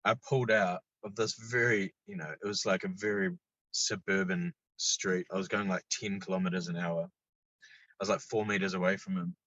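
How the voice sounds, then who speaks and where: A man chatting casually as a podcast guest, laid-back, swearing freely and getting lively when he tells stories. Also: deep voice, moderate pace, no room sound, highs cut off. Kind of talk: casual chat.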